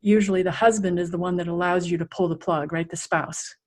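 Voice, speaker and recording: A middle-aged woman with a lowish voice, a resilience coach, tells an interviewer a personal story a little fast. Her telling is vivid and animated, with the scenes acted out.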